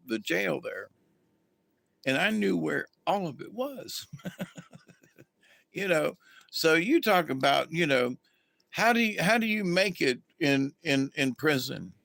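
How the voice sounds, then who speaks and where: Slow, gravelly man chatting. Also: medium pitch, fairly bright tone, no room sound. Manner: rambling, folksy, greets viewers mid-story. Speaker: livestream host. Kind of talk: casual storytelling to a live chat.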